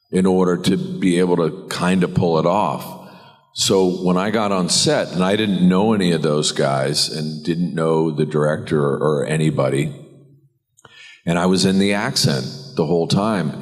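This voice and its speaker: Brief: middle-aged American man, deep voice, lively storyteller, recorded in a big echoey hall. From United States. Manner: animated, laughing, acts out quoted voices. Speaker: actor on a convention panel. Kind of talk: anecdotal storytelling. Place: large convention hall. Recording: reverberant convention hall.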